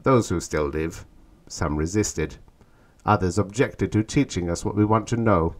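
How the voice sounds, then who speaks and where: A proud, cunning alien warrior chief, cold and boastful in every word, as a male narrator puts him on. The voice is low and threatening, reading like a vintage science fiction audiobook. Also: measured pace. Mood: menacing.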